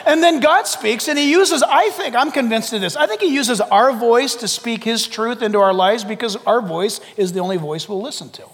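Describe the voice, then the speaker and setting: A man preaching a sermon to a congregation, dramatic and animated, jumping from loud exclamations to hushed near-whispers and acting out quoted voices. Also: very high-pitched, normal speed, few pauses. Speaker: pastor. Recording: long hall reverb.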